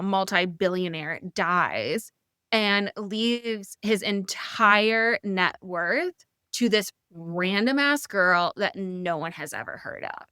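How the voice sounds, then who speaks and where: A woman co-hosting a podcast, chatting enthusiastically about books in quick casual bursts, with the odd swear. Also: medium pitch, pushed and bright, clear, resonant tone, no echo, studio quality. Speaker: podcast co-host.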